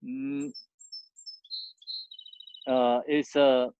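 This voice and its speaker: A man giving a Buddhist teaching in halting, non-native English, full of fillers and restarts. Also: mid-range voice, little pitch movement, darkish tone, slight background noise. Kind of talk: dharma teaching. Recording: muffled dry lo-fi recording.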